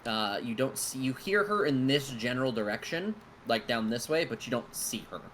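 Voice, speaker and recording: Male GM, mid-pitched voice, casual table talk, quick rulings, faint background noise. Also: lively intonation, fairly bright tone. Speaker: game master. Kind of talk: narrating a tabletop game.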